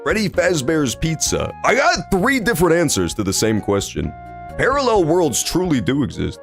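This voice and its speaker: A man's voice: on the high side, huge pitch swings, normal speed, creaky, soft background music. A man streaming a video game, joking and swearing while reading the story aloud. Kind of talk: casual game commentary.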